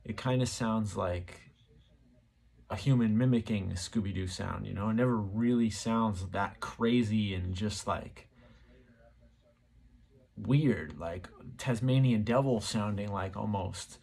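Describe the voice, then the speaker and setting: This channel host speaks in a lowish, slow voice that's creaky, a little mellow and slightly rough. Talking casually to camera, he muses aloud in a rambling way full of fillers.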